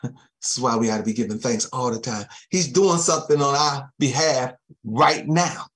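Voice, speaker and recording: Between points in his sermon, a preacher frequently chuckles and drops amens and quiet thanks to Jesus. His voice is medium in pitch, and he speaks at a moderate pace.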